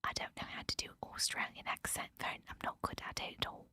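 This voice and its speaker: A woman doing whispered role-play as a nosy gossip, putting on a mock British accent in a breathy whisper. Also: fairly quick, bright, forceful tone, dry recording. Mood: hushed teasing. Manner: playful, gossipy, teasing.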